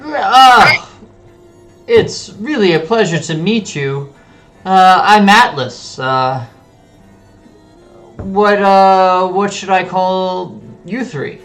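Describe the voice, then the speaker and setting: A man voicing a polite adventurer who feigns drunkenness, talking formally and haltingly with a put-on accent. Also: high-pitched, animated, a bit bright, soft background music, pitched above the performer's own voice, exaggerated voice. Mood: courteous.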